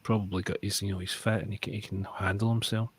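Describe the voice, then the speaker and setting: A man's voice: on the low side, little pitch movement, fast, breathy edge. A Scottish man co-hosting a stream, chatting casually and rambling while fumbling for names. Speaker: stream co-host. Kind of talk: casual chat.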